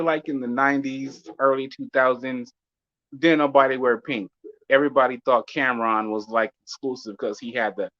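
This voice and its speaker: A man putting on the voice of a formal male TV newscaster, with a slow, measured announcer delivery over a video call. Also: medium pitch, sharp tone, no room sound, dull audio, close to an everyday voice.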